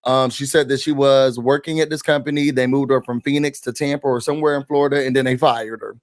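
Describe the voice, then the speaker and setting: A man's voice: medium pitch, steady tone, fast talker, no echo, studio quality. A man recapping and ranting about a reality show in a chatty, opinionated way, full of slang and fillers. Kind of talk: casual recap and rant.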